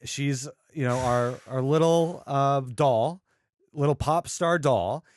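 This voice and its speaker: Young guy on a movie podcast, earnest, kinda halting, mid pitch, dry close sound. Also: dry recording. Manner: earnest, halting, restarts sentences. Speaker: podcast co-host. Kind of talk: casual chat.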